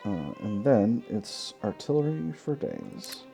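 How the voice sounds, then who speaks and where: A man hosting a let's play, thinking aloud in a relaxed way as he plays a strategy game. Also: fairly low pitch, slow pace, creaky, faint music behind. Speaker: gaming channel host.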